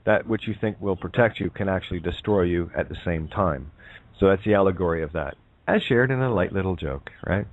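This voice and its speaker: Heard over a tinny, dry phone line with no room sound, a man talks casually about spirituality on a call-in show. His low-pitched voice is brisk, and he rambles with many fillers, often asking "right?".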